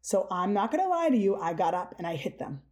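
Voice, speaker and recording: Quick and sing-song, this mid-range female voice has a darkish tone. It belongs to a middle-aged woman hosting a podcast who shares a childhood story openly in casual conversation, dramatizing the quotes.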